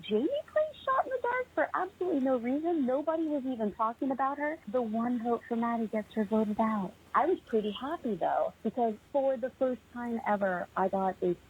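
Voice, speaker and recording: A young woman calling in to a podcast, chatty and excited, laughing often, heard over a tinny phone line. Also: fairly high pitch, a little fast, hardly any pauses, slightly rough. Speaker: podcast caller. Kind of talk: casual voicemail chat.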